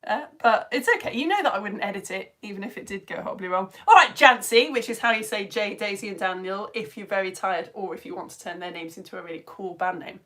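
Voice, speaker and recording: Reading viewers' chat messages aloud during a live online science lesson for home-educated children, this British-accented woman is bubbly, chatty and quick to laugh. She talks fast at a medium pitch, with few pauses and a bright, forceful tone.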